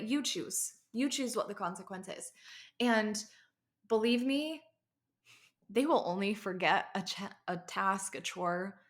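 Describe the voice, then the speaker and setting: A woman in her thirties hosting a parenting podcast, telling a story with many asides in a casual pep-talk style. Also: medium pitch.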